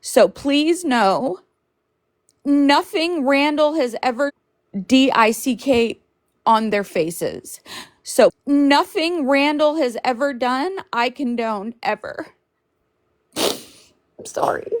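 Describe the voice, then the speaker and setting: A woman hosting a livestream, tearful and apologetic, talking in halting bursts through crying. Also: high-pitched, expressive, no room sound, clean studio sound. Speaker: livestream host. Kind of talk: emotional livestream chat.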